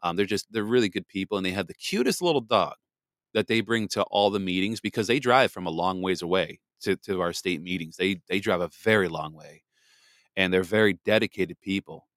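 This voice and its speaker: A man's voice: low-pitched, fairly quick, fairly bright tone, no room sound, clean studio sound. A man hosting a live podcast in a rambling, chatty way, greeting listeners by name. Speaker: podcast host. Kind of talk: casual live podcast chat.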